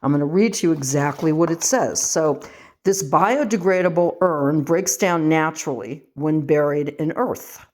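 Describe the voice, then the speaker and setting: Older woman, rambling home vlog, self-mocking, low-pitched voice, from the western US. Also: normal speed, darkish tone. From western United States. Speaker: vlogger. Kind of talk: casual home vlog, reading aloud and chatting.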